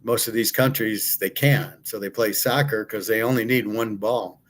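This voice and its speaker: A man's voice: on the low side, fairly even intonation, normal speed, a little hiss or hum. An American man hosting his own show, talking casually and bluntly in a rambling monologue full of fillers. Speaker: sports betting handicapper and host. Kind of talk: casual monologue answering a viewer question.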